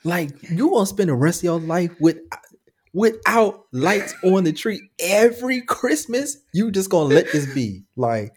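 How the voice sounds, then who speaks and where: Animated man podcaster, playful scolding. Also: high voice, unhurried, husky. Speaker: podcast co-host. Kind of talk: casual chat.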